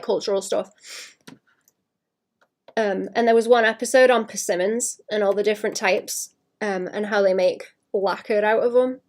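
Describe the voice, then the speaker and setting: A woman streaming herself drawing, chatting casually in a rambling way that trails off and drops to a quiet murmur. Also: medium pitch. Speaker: art streamer. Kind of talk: casual live-stream chat while drawing.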